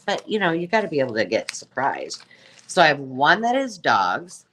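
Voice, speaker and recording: Here the host of a craft-supply live sale speaks in a low, sing-song voice with a fairly bright tone and moderate pace. Her chatter rambles casually, and every item she brings out gets an excited exclamation.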